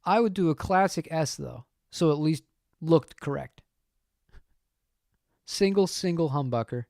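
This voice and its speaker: Opinionated male streamer, fairly high voice, dry close mic, casual rambling chat. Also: vocal fry, darkish tone, no room sound. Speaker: channel host answering chat.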